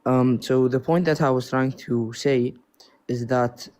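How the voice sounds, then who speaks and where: A man's voice: medium pitch, fairly even intonation, a little slow, darkish tone. Young man, Gulf Arabic accent, earnest, apologetic, hesitant, casual debate. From Oman. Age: young adult. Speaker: caller debating the host.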